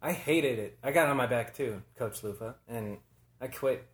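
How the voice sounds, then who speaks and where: A man's voice: medium pitch, moderate pace. Chill guy ribbing his buddy, cusses a lot, echoey sound. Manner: laid-back, teasing, swears casually. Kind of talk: casual chat. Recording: roomy echo.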